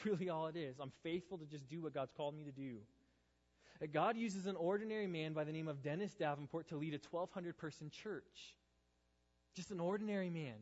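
Earnest youth pastor in a reverberant hall. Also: male voice, on the high side. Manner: earnest, urging, many rhetorical questions. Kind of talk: youth sermon. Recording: dull sound with long hall reverb.

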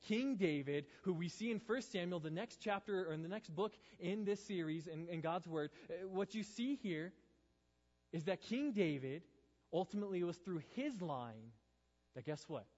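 A man's voice: high voice, expressive, normal speed, darkish tone. A man preaching a youth sermon, earnest and urging, asking his listeners question after question. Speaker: youth pastor. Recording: dull sound with long hall reverb.

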